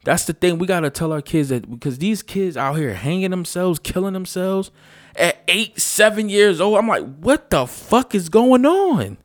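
A man's voice: high voice, normal speed, no room sound, studio quality. Blunt, profane man ranting. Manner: blunt, profane, emphatic and repetitive. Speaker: vlogger. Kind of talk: casual unscripted rant.

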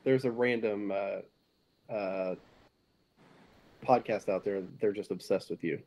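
A man co-hosting a podcast in casual chat, relaxed and hesitant with many fillers. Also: fairly low pitch, slow. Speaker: podcast co-host.

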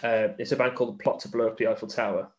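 A man's voice: fairly low pitch, fairly even intonation, fast talker. A man hosting a podcast, asking a guest about a band in a casual, hesitant way with many fillers and restarts. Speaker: podcast host. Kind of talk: casual chat.

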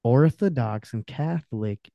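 A man's voice: medium pitch, expressive, unhurried, vocal fry, warm tone, dry recording, clean studio sound. A man who is a podcast guest, talking in a casual, heated, emphatic way and swearing often. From Romanian family background. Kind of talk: casual, profane podcast rant.

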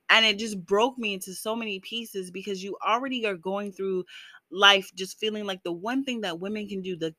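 Speaking to her viewers, this female vlogger has a lowish voice that sounds pushed and bright, with no echo. Her vlog is earnest and encouraging, packed with "you know" fillers, and she turns emotional, laughing as she talks.

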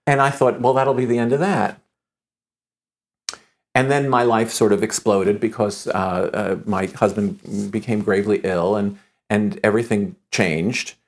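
A man telling a long anecdote in conversation, lively and acting out the dialogue, often restarting his sentences with stammers. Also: fairly low pitch, a little slow. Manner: lively storyteller who acts out quoted dialogue.

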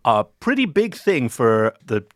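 Lively, wry man on a podcast. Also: mid-range voice, a little slow, dry recording, studio quality. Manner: animated, wry and theatrical. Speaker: podcast co-host. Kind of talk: casual chat.

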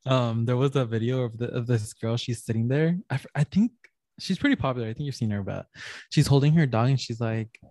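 A man's voice: mid-range voice, brisk, mellow, no room sound, clean studio sound. Teasing, laughing male co-host. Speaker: podcast co-host. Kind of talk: casual chat.

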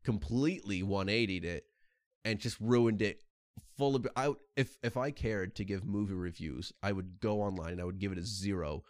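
A man's voice: lowish voice, normal speed, dry recording, studio quality. A man chatting casually as a podcast co-host, giving blunt, opinionated takes. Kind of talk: casual chat.

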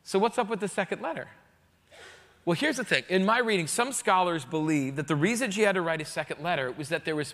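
A man, a pastor, preaching a sermon in a conversational, jokey, animated way. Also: a little high, in a large hall.

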